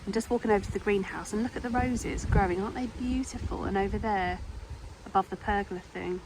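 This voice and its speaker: A woman's voice: mid-range voice, fast, noisy background. A woman chatting casually to her viewers in a home vlog, filmed on a handheld camera around her house and garden greenhouse. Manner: chatty, talks straight to viewers. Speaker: vlogger.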